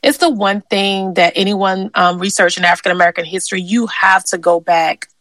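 A woman's voice: mid-range voice, steady tone, brisk, fairly bright tone, no room sound. A woman from Louisiana, a genealogist and interview guest, telling family stories in an earnest, conversational way with lots of fillers. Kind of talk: personal storytelling in an interview.

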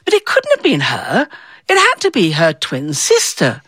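A woman's voice: fairly low pitch, huge pitch swings, normal speed, fairly bright tone, slightly rough, no echo. A woman telling a personal story to an audience, acting out the voices of the people in it. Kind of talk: live storytelling performance.

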